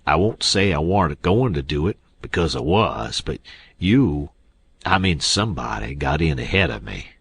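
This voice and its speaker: A man's voice: a bass voice, very animated, normal speed, creaky, a bit bright, husky, no room sound, heavily acted. A man voicing an older male swindler who drawls and wheedles. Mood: pleading.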